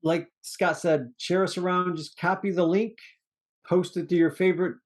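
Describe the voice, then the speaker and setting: A man's voice: high-pitched, fairly even intonation, moderate pace. A man co-hosting a casual movie review podcast, rambling through cast names with restarts and chuckles. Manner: rambling, restarts, laughs at own jokes. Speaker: podcast co-host.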